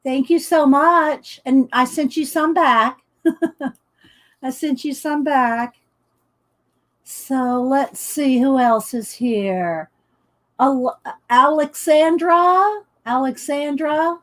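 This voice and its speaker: A woman's voice: sits high, slow, long pauses. A woman hosting a casual morning art live stream, chatting, greeting viewers by name and laughing often. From American South. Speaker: art livestream host. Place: home studio with windows open.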